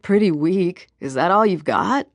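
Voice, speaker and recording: A woman reading the lines of an easygoing young man who coaxes and teases his girlfriend warmly. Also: fairly low pitch, lively intonation, measured pace, dry recording. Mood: coaxing. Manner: warm, coaxing, teasing.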